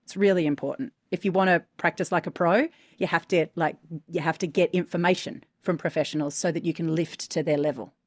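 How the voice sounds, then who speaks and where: A woman's voice: fairly low pitch, steady tone, a little fast, hardly any pauses, no room sound, clean studio sound. A woman voice-over coach co-hosting a casual podcast, talking frankly and emphatically, often tagging her points with "right?".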